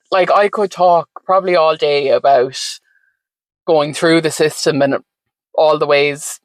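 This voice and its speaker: A woman with a low voice speaks as a podcast guest in a recording with no room sound. She's frank and chatty, filling her talk with fillers and the occasional swear word.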